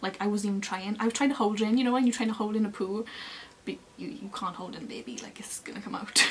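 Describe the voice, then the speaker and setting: A young woman, chatting casually to camera as she tells a long personal story in an expressive, lively way. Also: mid-range voice, fast, slight background noise. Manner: chatty and expressive, acting out other people's lines. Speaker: beauty vlogger.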